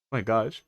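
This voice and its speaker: A man's voice: mid-range voice, lo-fi sound. A man streaming from a parked car, chatting casually with viewers, giggling often and rambling. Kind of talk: casual live-stream chat.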